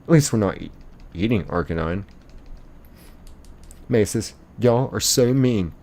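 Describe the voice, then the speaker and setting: A man's voice: lowish voice, lively intonation, measured pace, darkish tone. A young man, live-streaming a game and playfully reading viewer chat aloud, laughing often.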